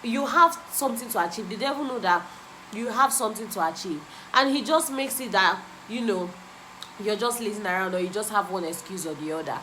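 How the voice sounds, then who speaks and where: Bright-voiced woman preaching self-help. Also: medium pitch, fairly quick, slight background noise, low-quality recording. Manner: emphatic and repetitive, preaching. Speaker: vlogger. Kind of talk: motivational self-help talk.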